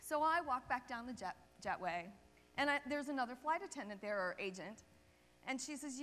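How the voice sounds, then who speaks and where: A woman chiropractor giving a seminar talk, telling lively anecdotes and checking in with the audience. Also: sits high, moderate pace. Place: seminar hall stage. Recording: long reverb of a seminar hall.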